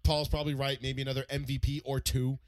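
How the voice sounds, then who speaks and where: A man in casual sports chat, telling stories with animated swearing and many restarts. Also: mid-range voice, fast, no echo. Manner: animated, profane storytelling with lots of restarts.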